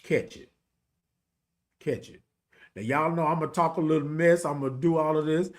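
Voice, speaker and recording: A man from Texas with a light country twang hosts his own show, talking casually and emphatically to his listeners. His voice sits a little high for a man, and he keeps checking in with "y'all" and "right?" in a folksy, down-to-earth way. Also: steady tone, moderate pace. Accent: Texan, country. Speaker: podcast host and HIV advocate. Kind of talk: casual direct-to-audience talk.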